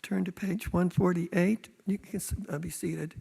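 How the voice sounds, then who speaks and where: A hoarse man leading a prayer service, reading aloud slowly and evenly and giving page numbers. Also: high-pitched, fairly even intonation, mellow. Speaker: service leader. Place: synagogue sanctuary.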